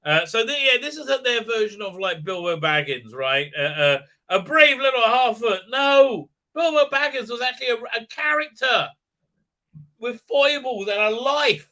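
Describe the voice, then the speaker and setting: A man's voice: extremely high pitch, lively intonation, moderate pace, sharp tone. A man ranting sarcastically in a show review, swearing often and full of fillers and restarts. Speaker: commentator.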